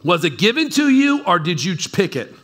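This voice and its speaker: A man with a high, sharp, bright voice gives a relaxed, conversational sermon. He keeps checking in with his listeners and drops in playful asides. It sounds like a church talk given to a live congregation. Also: a little fast. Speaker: pastor. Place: church service in front of a congregation.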